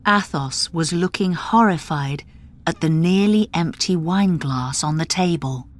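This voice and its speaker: A woman narrating a graded reader story in a clear, deliberate storytelling manner. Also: fairly low pitch.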